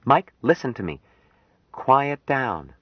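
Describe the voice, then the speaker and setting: A man reading an audiobook, voicing an anxious, tender young woman in a lifted, soft, worried voice. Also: mid-range voice, very animated, moderate pace, no room sound, voice pushed up. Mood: urgent. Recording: dry, dull lo-fi audiobook recording.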